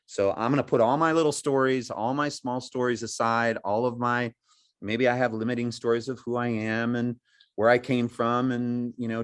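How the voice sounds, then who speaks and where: A middle-aged man teaching meditation outdoors, explaining slowly and reflectively with many pauses and restarts. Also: mid-range voice. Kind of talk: spoken meditation instruction. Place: outdoors by woods.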